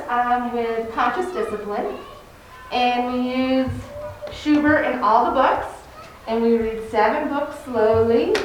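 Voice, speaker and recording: A woman's voice: on the high side, distant mic. A woman, a kindergarten teacher, explains her classroom to parents in a chatty, informal way with many fillers. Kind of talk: informal info-meeting talk to parents. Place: large classroom, indoors. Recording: very echoey room, voice from afar, faint noise.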